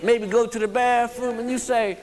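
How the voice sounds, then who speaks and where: A man's voice: very high-pitched, steady tone, normal speed, darkish tone, slight background noise. A man speaking to a recovery group, blunt and emphatic, often checking in with the audience. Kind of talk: motivational recovery talk. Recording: long reverb of a hall.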